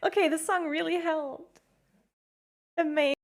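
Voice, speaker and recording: Excitable high-voiced woman streamer. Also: measured pace, no echo. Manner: excitable, laughs often, shouts in bursts. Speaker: game streamer. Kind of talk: casual live-stream commentary.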